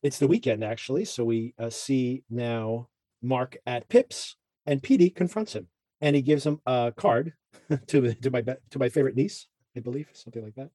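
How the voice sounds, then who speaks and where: Male podcast host, chatty recapper; warm, slightly husky, dry close mic. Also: mid-range voice, normal speed, dry recording. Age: adult parent. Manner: chatty, rambling with fillers and asides. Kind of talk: casual TV recap chat.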